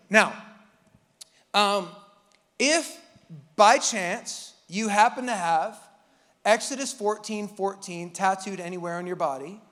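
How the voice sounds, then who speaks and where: A man's voice: high-pitched, fairly bright tone, long reverb tail. A man preaching a casual, joking sermon as pastor, acting out Bible characters with the congregation. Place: church hall.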